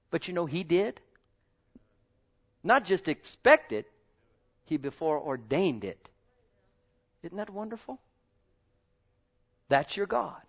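A man preaching a sermon, swinging between loud exclaiming and quiet asides and calling out to his congregation. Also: on the high side, lively intonation, a little slow, long pauses, lo-fi sound. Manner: calls out to the congregation.

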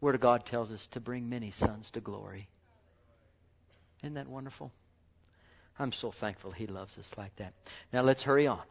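A man preaching a sermon with fervor, dropping to hushed murmurs and rising to loud exclamations, full of rhetorical questions. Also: medium pitch, normal speed, creaky. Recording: dull lo-fi recording.

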